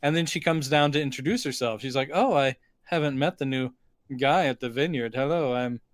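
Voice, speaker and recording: Smooth-voiced man co-hosting a film chat. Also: medium pitch, a little fast, dry recording, clean studio sound. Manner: retells plot scenes by voicing the characters' lines. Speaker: podcast co-host. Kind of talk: casual film review chat.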